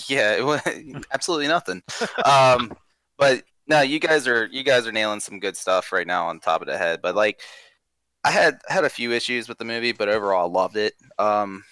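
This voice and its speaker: A man's voice: medium pitch, normal speed, sharp tone, no room sound, low-quality recording. A man in a casual podcast chat, laid back, chuckling often, with many fillers. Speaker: podcast panelist.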